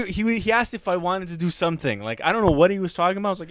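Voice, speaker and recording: A man's voice: sits high, animated, a bit bright, clean tone, no room sound. A man co-hosting a comedy podcast, telling a casual story and laughing through it. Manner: laughs through his own story, quick asides. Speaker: podcast co-host. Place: podcast studio.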